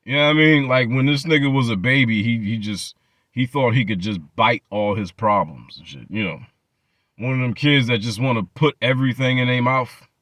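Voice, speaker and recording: A man's voice: mid-range voice, moderate pace, fairly bright tone, no echo. A man hosting his channel, ranting in profane reaction commentary and mocking people with repeated phrases. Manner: mocking, profane rants with many repetitions. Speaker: channel host.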